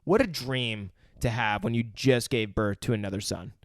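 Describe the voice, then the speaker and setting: A man's voice: on the low side, normal speed, no echo. A man co-hosting a podcast, recapping a film in casual chat and acting out the characters' lines with lots of swearing. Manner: profane, animated, recaps scenes acting out lines. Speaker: podcast co-host. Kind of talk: casual movie review chat.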